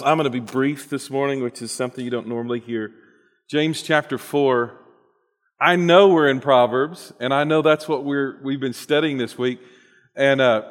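A man delivering a conversational sermon in a church, restarting his phrases often as he tells a story. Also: medium pitch. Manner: conversational with frequent restarts and fillers. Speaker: preacher. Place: church sanctuary. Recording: long hall reverb.

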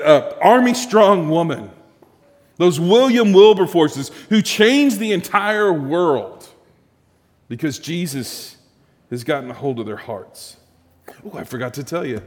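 A male pastor preaching a sermon with lively rhetorical questions to his congregation. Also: fairly high pitch, unhurried, big-room sound.

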